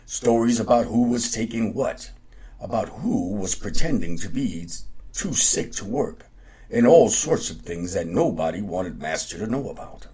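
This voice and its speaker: A man hosting a show and reading a folktale aloud in a lively, unhurried way. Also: lowish voice, husky. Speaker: podcast host and storyteller.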